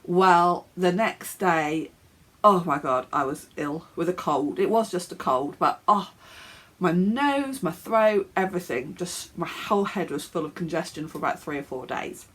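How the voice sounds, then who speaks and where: English woman chatting about her knitting, bit snuffly, lowish voice, rambles with lots of ums. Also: animated, measured pace, a bit bright. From England. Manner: chatty, rambling, with fillers and little laughs. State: snuffly, coughing. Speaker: knitting podcast host. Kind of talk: casual show-and-tell chat. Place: home office, indoors.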